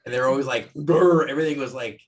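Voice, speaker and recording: A man's voice: on the low side, fairly quick. A man on a video call podcast, chatting casually and playfully telling an anecdote. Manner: playful, animated storyteller.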